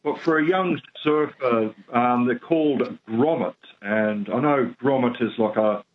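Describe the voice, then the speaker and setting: A man's voice: mid-range voice, measured pace, narrow, tinny audio. A man calling a radio show, rambling a bit and searching for words. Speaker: caller.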